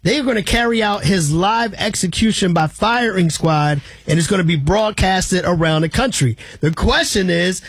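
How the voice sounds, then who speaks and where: A man hosting a morning radio show, talking in a relaxed, slangy, conversational way. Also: high voice, moderate pace, hardly any pauses, husky, dry recording. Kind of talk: casual radio chat and ad reads. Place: radio studio.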